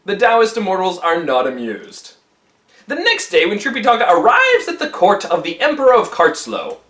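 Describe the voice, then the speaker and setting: A man retelling an old legend in a casual, animated storytelling style with jokey asides. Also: high-pitched, normal speed. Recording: roomy echo.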